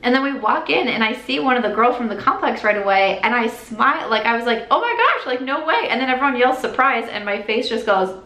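A woman's voice: fairly high pitch, fast, few pauses, fairly bright tone. A young woman chatting while she does her makeup in a get-ready-with-me vlog, rambling and earnest, with lots of "like" and restarts. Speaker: beauty vlogger. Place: at home doing makeup. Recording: echoey room.

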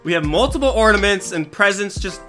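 A man's voice: high voice, animated, fairly quick, music in the background. A man hosting his channel, giving playful, enthusiastic commentary on fan art and chuckling often. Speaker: channel host judging an art contest. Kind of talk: casual commentary.

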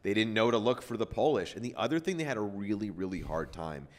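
A man's voice: lowish voice, animated, quick pace. A man hosting a podcast, telling a story in loose casual chat with lots of fillers and swearing. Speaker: podcast host.

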